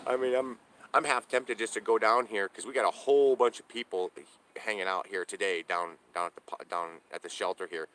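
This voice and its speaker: A middle-aged man talks straight into a handheld camera from inside his trailer, his voice sitting a little low. He rants in a bitter, profane way, stumbling and circling back over his words. It sounds like a casual off-the-cuff vlog. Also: fairly quick, a bit bright. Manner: profane, aggrieved ranting with many restarts. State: homeless, living in a trailer. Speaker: vlogger. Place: inside a parked trailer on a hot day.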